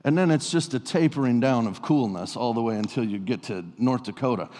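Conversational pastor in an echoing sanctuary. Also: male voice, mid-range voice, a little fast. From US Pacific Northwest. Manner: conversational, animated storytelling with playful asides. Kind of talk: sermon. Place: church sanctuary. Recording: long reverb of a church hall.

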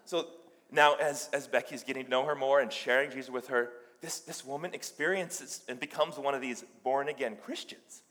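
A man's voice: mid-range voice, fairly even intonation, normal speed, a bit bright. A male pastor giving a sermon, telling a story conversationally and often restarting his sentences. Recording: long reverb in a large hall.

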